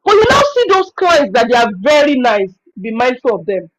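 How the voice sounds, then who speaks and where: A Nigerian woman hosting a webinar, giving an expressive, storytelling talk on working with clients. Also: on the high side, brisk, low-quality recording. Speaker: virtual assistant trainer hosting a webinar. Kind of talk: informal teaching talk.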